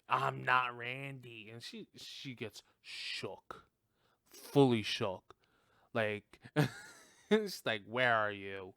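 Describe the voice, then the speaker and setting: A man's voice: mid-range voice, no room sound, studio quality. A young man hosting a podcast, recapping a film in casual chat, laughing often, swearing and acting out the characters' lines. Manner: slow, drawn-out delivery with lots of "like". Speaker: podcast host.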